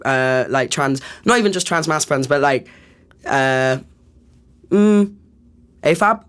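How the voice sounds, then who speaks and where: A man's voice: on the high side, animated, slow pace, fairly bright tone, smooth. A man from England as a podcast guest, chatting casually with many hesitations and jokes. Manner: hesitant, many fillers, joking. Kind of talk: casual chat.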